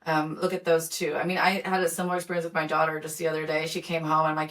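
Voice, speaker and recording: A woman's voice: lowish voice, fast talker, a bit bright. A middle-aged woman hosting an interview, talking casually with many fillers and restarts. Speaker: podcast host.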